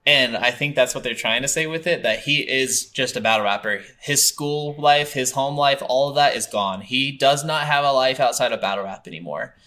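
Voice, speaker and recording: Bright-voiced man reviewing movies. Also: medium pitch. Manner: animated retelling of scenes, quick laughs. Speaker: movie review podcast co-host. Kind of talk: casual movie review chat.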